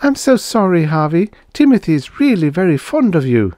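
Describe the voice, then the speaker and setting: A man's voice: fairly high pitch, very animated, moderate pace, a little mellow, dry recording, studio quality, voice pushed up. A man reading a story aloud, voicing a cheerful, flighty young woman in a raised, sing-song voice. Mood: flustered, bright.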